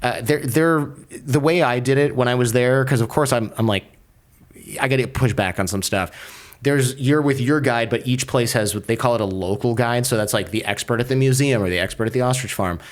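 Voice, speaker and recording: A man's voice: mid-range voice, fairly quick. A man, a podcaster and lawyer, telling a story as a guest in an interview, acting out the people he quotes with sarcastic asides. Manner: acts out quoted voices, sarcastic, swears casually. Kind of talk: animated storytelling in conversation.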